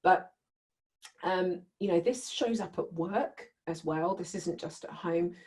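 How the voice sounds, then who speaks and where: Woman workshop leader with a low, warm voice; conversational and keeps checking in with the group. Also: slow pace. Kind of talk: teaching a live group.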